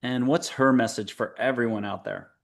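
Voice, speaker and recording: A man's voice: mid-range voice, normal speed, vocal fry. A man hosting a spiritual talk show, guiding listeners through breathing and visualization with a playful, joking manner. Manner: playful, jokey, coaxing guide. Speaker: show host. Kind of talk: guided meditation talk show.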